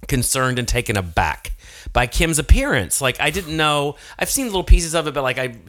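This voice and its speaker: A man's voice: on the high side, expressive, fairly quick, fairly bright tone. A man as a guest in a casual comedy chat, playful and gushing.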